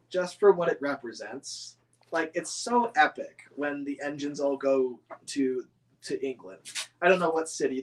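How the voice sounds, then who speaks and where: Chatty man with a higher voice. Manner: rambling, many fillers and restarts, enthusiastic. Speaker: scale model hobbyist answering viewer questions. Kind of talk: casual chat.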